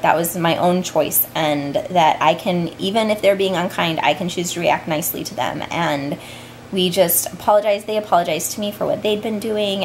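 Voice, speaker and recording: A woman's voice: fairly low pitch, slight background noise. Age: 30s. Sex: woman. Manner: candid. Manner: candid and heartfelt, frequent "like" fillers. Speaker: vlogger mom. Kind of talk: reflective vlog talk to camera.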